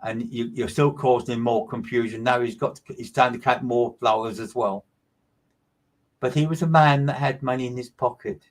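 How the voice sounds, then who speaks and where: A man's voice: mid-range voice, steady tone, moderate pace. A man working as a medium, giving a live streamed reading in a repetitive, emphatic way and greeting listeners by name.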